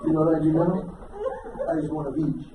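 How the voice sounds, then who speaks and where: A high-voiced man works a room as a stand-up comedian, animated and acting out both sides of conversations. His voice rings around an echoey hall, caught from a distance by the mic, with a noisy crowd behind him. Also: a little fast. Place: banquet hall at a church men's ministry dinner. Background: audience laughter.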